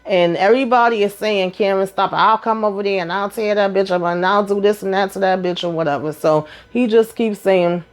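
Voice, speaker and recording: A woman casually recapping a TV episode, acting out characters' lines in quick, animated bursts and blunt, profane asides. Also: medium pitch. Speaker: TV show recap host.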